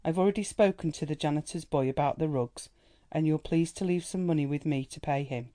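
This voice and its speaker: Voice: mid-range voice, a little fast, warm tone, natural voice. A reader voicing a prim young housemaid who answers her mistress coolly and firmly, in a storybook reading. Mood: frosty. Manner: cool, clipped and disapproving.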